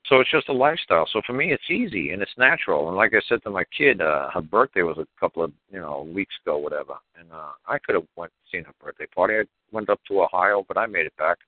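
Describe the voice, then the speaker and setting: A low-voiced man rattles along quickly, blunt and profane, leaning on "you know". His voice is dry and tinny, like a phone line. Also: lively intonation, no room sound. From New York. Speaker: podcast guest. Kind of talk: casual storytelling.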